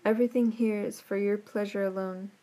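A woman reading a fairy tale aloud, voicing a lonely, bitter male beast in a low rasping tone with slow, restrained delivery. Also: fairly even intonation, close to an everyday voice. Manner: slow, restrained, quietly pained. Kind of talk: storybook reading.

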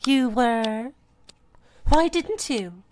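A woman's voice: a little high, expressive, drawn-out words, a little mellow, slight background noise. A woman playing a devoted catgirl pet. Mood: pleading. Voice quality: breathy, sighing. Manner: pleading, devoted. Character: adoring submissive young catgirl pet. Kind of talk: intimate audio role-play.

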